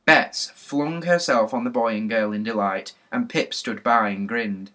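A man reading a children's mystery novel aloud in a lively storybook narration. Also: medium pitch, a little slow. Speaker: audiobook narrator.

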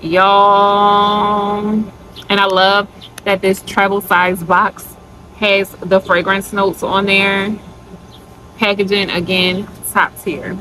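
A woman's voice: medium pitch, background noise. A woman vlogger chatting casually to her viewers in a product review, gushing and calling them y'all.

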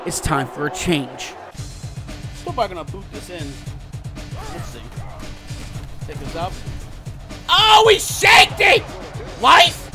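A man doing excited gameplay commentary for his channel, swinging between muttered play-by-play and outbursts of shouting and cursing. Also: high-pitched. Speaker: gaming channel host. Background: game music.

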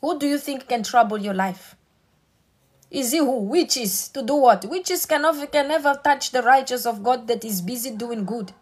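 A woman's voice: on the high side, lively intonation, normal speed, breathy edge. A woman preacher delivering a sermon with emphatic, repetitive exhortation.

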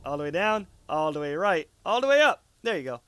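High-voiced young man, swearing gamer. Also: big pitch swings, brisk, noisy background. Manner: casual, swearing, self-mocking, laughs often. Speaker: let's play host. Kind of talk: gameplay commentary.

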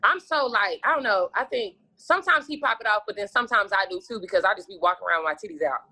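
Fast-talking bright-voiced woman guest. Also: mid-range voice. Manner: profane, acts out her own past lines in quotes; animated, laughs often. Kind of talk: casual storytelling chat.

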